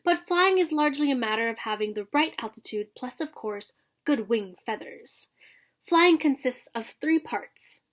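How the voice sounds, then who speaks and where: A woman voicing a stately male trumpeter swan father who speaks in slow, flowery, formal phrases, read aloud from a storybook. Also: sits high, lively intonation. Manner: slow, grand, flowery delivery.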